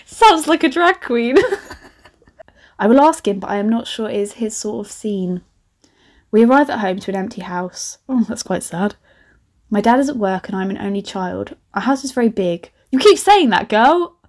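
Giggly self-mocking woman. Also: on the high side. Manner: chatty, self-mocking, laughs often. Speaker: podcast host. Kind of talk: reading old writing aloud with comic commentary.

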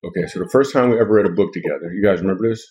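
A man's voice: low-pitched, racing, warm tone. A man hosting a casual comedic chat, playful and rambling as he jokes with his co-hosts. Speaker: podcast host and author.

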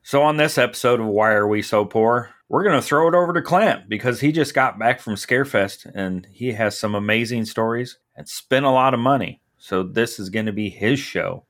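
A man's voice: medium pitch, moderate pace, few pauses, a bit bright. A man co-hosting a casual podcast who talks in an offhand way and trails off mid-sentence. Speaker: podcast co-host.

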